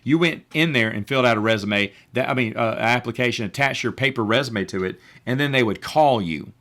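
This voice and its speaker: Late at night, a podcast host tells a long personal story in a casual monologue, rambling, restarting his sentences often, and saying he's tired. His mid-range voice is fairly quick and fairly bright.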